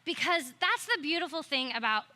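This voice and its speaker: A woman with a high, bright voice, telling a story to a youth group. She is playful and chatty and drops jokey asides along the way. She sounds like she is in her thirties. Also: lively intonation, a little fast. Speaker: youth ministry speaker. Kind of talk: storytelling talk with flannel graph.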